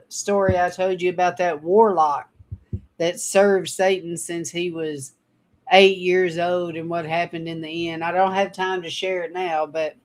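A woman teaching a livestream Bible study, reading scripture and retelling stories in a chatty way with frequent laughter. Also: fairly low pitch. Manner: chatty, laughs often while telling stories.

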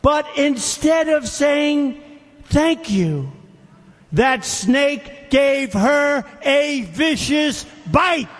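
A man's voice: very high voice, animated, drawn-out words. A man giving a rally speech, reading a poem aloud with emphatic, repeated phrases and questions to the crowd. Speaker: political speaker. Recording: long reverb of big hall.

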